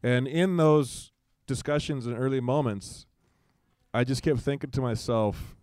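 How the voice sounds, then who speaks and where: A man's voice: medium pitch, unhurried, a little mellow, smooth, no echo, studio quality. A man in his forties, a guest in a casual conversation, telling a personal story and acting out quoted dialogue in livelier voices, with frequent restarts.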